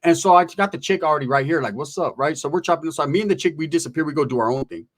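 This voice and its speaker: Brief: male content creator recounting a run-in, lively and foul-mouthed, slightly high voice. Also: racing. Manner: animated, profane, acts out dialogue. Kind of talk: casual storytelling.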